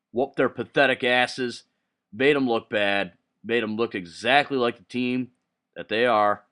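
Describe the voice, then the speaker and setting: Male sports vlogger, smooth clear voice, heated profane rant, mid-range pitch. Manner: heated, profane ranting with sharp outbursts. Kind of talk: solo sports rant to camera.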